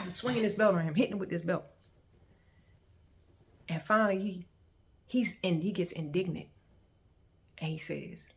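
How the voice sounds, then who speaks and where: A woman telling her personal faith testimony in a colloquial, animated way, acting out the scenes as she goes. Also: normal speed, pauses often. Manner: animated, colloquial, acts out scenes with sharp pitch jumps. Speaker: vlogger sharing a faith testimony. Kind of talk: emotional personal testimony storytelling.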